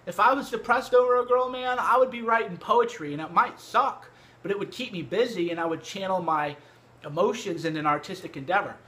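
A brash man with a high voice talks straight to camera about books, swearing freely and hitting his points hard. His tone is bright and pushy, recorded on a cheap microphone at home. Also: brisk. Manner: brash, profane, emphatic. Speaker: vlogger. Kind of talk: casual direct-to-camera book talk. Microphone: cheap USB microphone.

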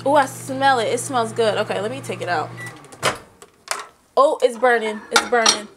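A young woman chatting excitedly as she narrates a cooking attempt in her home kitchen. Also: a little high, measured pace, noisy background. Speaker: vlogger. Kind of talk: casual kitchen vlog.

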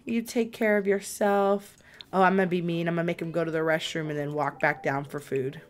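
A young woman streams a life-sim game, chatting casually with her viewers, bubbly and giggly, full of exclamations. Her voice is lowish and steady, and she talks a little fast.

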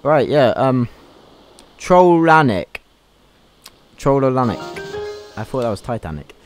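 A man's voice: medium pitch, animated, normal speed, darkish tone, soft background music. A young man giving crude, swear-filled gameplay commentary as a YouTube gamer, mocking the game as he plays. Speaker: gaming YouTuber.

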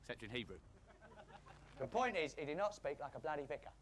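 A male comedian with a London accent delivering a deadpan mock sermon with a gruff, blokey put-on voice. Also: fairly high pitch, fairly quick, a little hiss or hum. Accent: London English.

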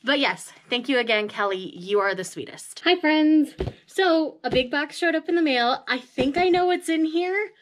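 A woman's voice: high voice, lively intonation, moderate pace, a little hiss or hum. A woman hosting a casual unboxing vlog, gushing and emotional, often laughing as she talks to her viewers. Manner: chatty, addresses viewers directly. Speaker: manga vlogger.

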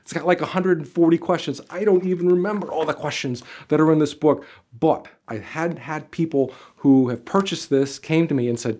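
Animated, emphatic male career coach. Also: fairly high pitch, a little fast. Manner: animated, emphatic, gestures with arms and body; conversational, many "you know" fillers. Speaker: job interview coach. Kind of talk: direct-to-camera advice video.

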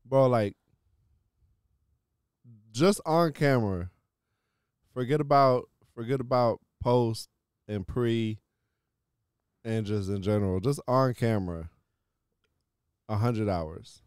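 A man's voice: medium pitch, takes it slowly, pauses often, a little mellow, clear, resonant tone, no echo, clean studio sound. A man hosting a podcast, rambling casually and starting many sentences with "yo" and "like". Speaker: podcast host.

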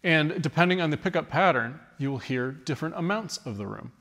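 A man teaching audio engineering, explaining microphone patterns in a steady, clear way while he walks around the mic in a large recording studio. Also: a little high, a little fast. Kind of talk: studio demonstration lesson. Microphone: studio condenser mic at varying distance. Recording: roomy studio reverb, voice moving off-mic.

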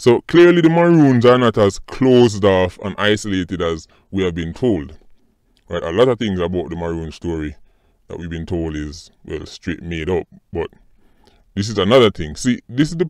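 A Jamaican man hosting a casual commentary vlog, animated and mocking, often calling out to his audience. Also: low-pitched, moderate pace, no echo. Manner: animated, mocking, repeats "people" and "right". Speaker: commentary channel host.

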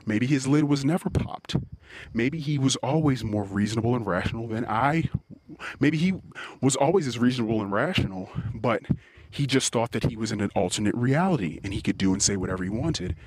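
A man's voice: medium pitch, expressive, fairly quick, darkish tone, husky, no echo. A man hosting a podcast, telling a heated story in a profane, confessional monologue. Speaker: podcast host.

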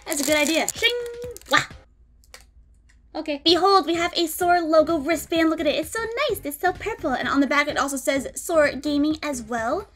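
A woman, chatting excitedly and giggling as she unboxes items in a casual vlog. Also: high voice, fast, few pauses. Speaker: gaming content creator.

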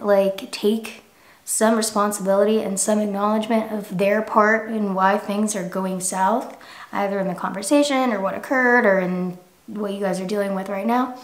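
Chatty young woman vlogger, gravelly voice. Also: medium pitch, reverberant. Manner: chatty, frank, says "like" often. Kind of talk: casual chat to camera.

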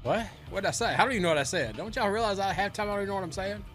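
A man streaming a game, trash-talking and swinging from low mutters to sudden yells. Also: rapid-fire, soft background music. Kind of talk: casual profane gaming commentary.

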